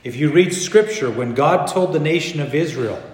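A man preaching a sermon as pastor, animated, swinging between loud bursts and hushed passages. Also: on the high side, moderate pace. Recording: echoey hall.

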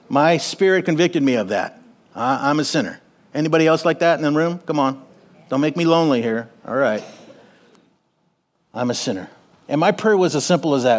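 A man preaching a sermon in a church, animated, swinging between quiet and loud and calling on the congregation. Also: a little high. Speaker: pastor. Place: church sanctuary.

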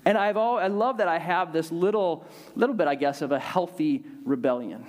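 A male pastor giving a conversational, animated sermon with lots of fillers and restarts. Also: a little high, normal speed.

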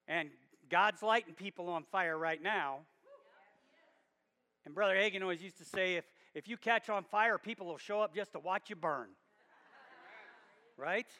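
Bright, high-voiced preacher in a hall. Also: male voice. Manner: emphatic, rising to bursts of volume. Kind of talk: sermon. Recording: long reverb of a hall.

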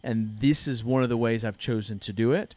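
In a medium-pitched, darkish voice, a man in his thirties talks a little fast while telling a story on his church podcast. His casual, earnest storytelling has frequent restarts, and there's no echo.

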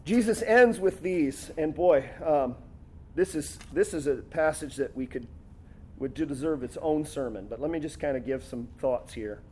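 Animated high-voiced male preacher. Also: moderate pace, a little hiss or hum. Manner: animated, conversational preaching with laughs and quoted voices. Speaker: pastor. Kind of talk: sermon.

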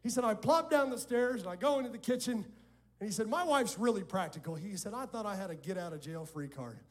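A man's voice: high voice, fast talker. A man preaching a sermon as pastor, telling stories, quoting people and calling on the congregation to respond. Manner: animated storytelling, quoting others and calling on the congregation. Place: church sanctuary before a congregation.

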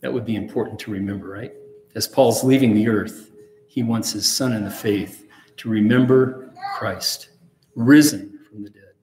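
A man's voice: lowish voice, moderate pace, dark tone. A man preaching a sermon earnestly and with emphasis, reading passages aloud. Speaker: pastor. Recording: echoey hall with long reverb.

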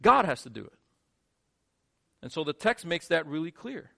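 Animated higher-voiced male preacher. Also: moderate pace, gravelly. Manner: animated, swings between quiet and emphatic. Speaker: pastor. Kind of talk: sermon.

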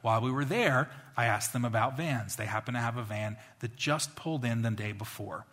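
Pastor, male, lively conversational sermon delivery, bright forward tone. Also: medium pitch, a little fast. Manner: animated, conversational storytelling.

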